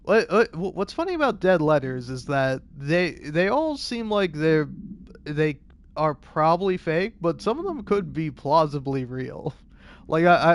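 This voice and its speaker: A man casually commenting while playing a game, often laughing and repeating words as he stammers. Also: fairly high pitch. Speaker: gamer reading in-game letters. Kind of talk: casual let's-play commentary.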